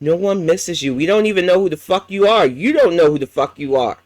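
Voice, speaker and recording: A high-voiced man delivers a heated, profane reaction commentary, blunt and relentless. The sound is dry and close, with no room around it. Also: expressive, brisk, dry recording, poor audio. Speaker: livestream commentary host.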